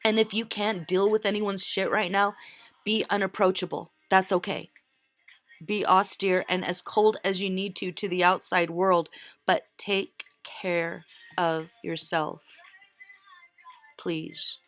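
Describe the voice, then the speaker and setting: A woman's voice: mid-range voice, flat delivery, slow pace, a bit bright, no echo, soft background music. A woman giving a tarot reading in an earnest, emotional way, close to tears. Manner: earnest, emotional, repeats phrases for emphasis. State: near tears. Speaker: tarot reader.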